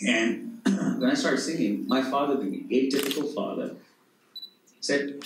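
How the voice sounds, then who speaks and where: A middle-aged man from Pakistan with a Pakistani accent, telling lively stories on stage at a conference and often laughing. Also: mid-range voice, a little slow, heavy reverb, distant mic, a little hiss or hum, low-quality recording. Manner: animated, laughing, acts out quoted voices. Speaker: conference speaker. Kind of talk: storytelling talk on stage. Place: conference hall.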